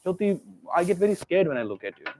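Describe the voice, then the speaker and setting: A man's voice: high voice, sing-song, very fast, a little mellow. A man teaching pronunciation in a classroom, repeating words to drill his students and adding joking asides. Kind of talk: classroom teaching, mixing English and Hindi.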